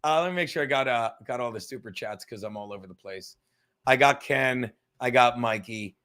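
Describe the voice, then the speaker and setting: A man's voice: medium pitch, a little fast, a bit bright. A man hosting a livestream podcast in a casual, rambling, profane way, reading chat comments aloud as he goes. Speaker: podcast host.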